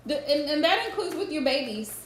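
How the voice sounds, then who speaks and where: A woman giving a live-streamed tarot reading, earnestly advising viewers and often repeating her points. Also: high voice. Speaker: tarot reader. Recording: roomy echo with faint background noise.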